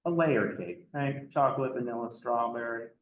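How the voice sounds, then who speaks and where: A man's voice: medium pitch, moderate pace, a little hiss or hum. A man giving a casual classroom lecture on anthropology, chatty and loose, full of fillers and "right?" checks to the students. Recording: dull roomy classroom recording.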